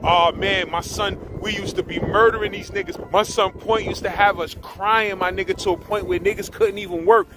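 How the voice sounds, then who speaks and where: A man with a New York accent telling a prison story in a casual, animated, profane and slang-heavy way, mimicking others as he goes. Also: high-pitched.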